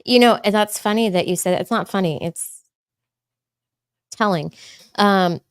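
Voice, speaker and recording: A woman's voice: medium pitch, a little slow, clean tone, no echo, clean studio sound. A woman host in casual chat, chatty and self-deprecating, telling a story about being a parent. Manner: chatty, self-deprecating, frequent agreeing hums.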